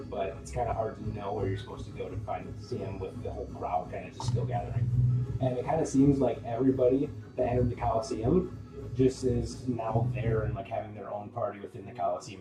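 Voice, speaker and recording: A man's voice: on the low side, steady tone, brisk, echoey room, far from the mic, over loud music, poor audio. A man running a tabletop game as game master, narrating a scene casually with lots of likes and ums.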